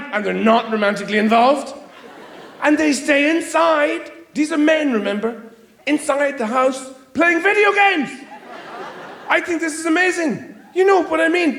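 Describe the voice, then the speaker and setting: A man's voice: very high-pitched, normal speed, vocal fry, noisy background. A middle-aged man performing a rambling, theatrical stand-up routine on a theatre stage, acting out voices. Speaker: stand-up comedian. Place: theatre stage before a laughing audience. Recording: roomy live theatre sound.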